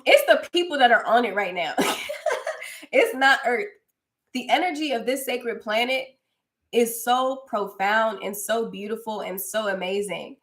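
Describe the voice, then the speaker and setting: On a casual livestream, a young woman who works as a host and spiritual coach reads out comments and chats warmly with viewers, addressing them as "girl." Her voice is on the high side with a fairly bright tone.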